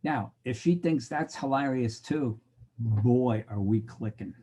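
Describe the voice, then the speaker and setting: A man's voice: mid-range voice, slow, mellow, slightly rough. A middle-aged man lecturing a college class in a wry, joking way. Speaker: college instructor. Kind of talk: recorded lecture.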